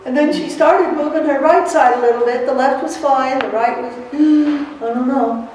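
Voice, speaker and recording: A middle-aged woman giving a lively motivational seminar to court reporters, telling stories and acting out what people said, laughing often. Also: high-pitched, normal speed, slight background noise. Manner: animated storyteller, laughs often, acts out quotes. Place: seminar hall. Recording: echoey hall, recorded from far off.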